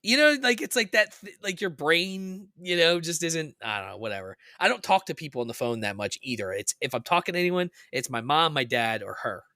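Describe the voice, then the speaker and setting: A man's voice: on the high side, brisk, few pauses, dry recording, clean studio sound. A man co-hosting a podcast, telling rambling stories in casual chat and voicing the people he quotes with animation. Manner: rambling storyteller, animated when quoting people. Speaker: podcast co-host.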